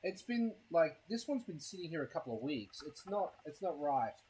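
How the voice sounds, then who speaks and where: A man's voice: fairly high pitch, sing-song, moderate pace, a little mellow, slight background noise, poor audio. A man chatting casually on a live stream, rambling and crude, with a self-mocking tone and a case of hiccups. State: has hiccups.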